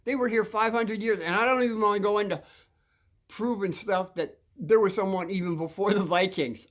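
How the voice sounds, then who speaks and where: A man's voice: high voice, fairly quick, a bit bright. A man in his sixties telling rambling stories to kids, restarting sentences often and chuckling between thoughts. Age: 60s. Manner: meandering, with frequent restarts and chuckles. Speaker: show host talking to kids. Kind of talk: rambling anecdotal storytelling.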